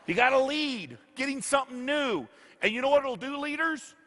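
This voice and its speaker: A man's voice: very high voice, lively intonation, normal speed, sharp tone, slight background noise. A man giving a motivational speech to an audience, telling stories and acting out what people said to him. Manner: storytelling, acting out quoted dialogue. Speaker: motivational speaker. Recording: echoey hall.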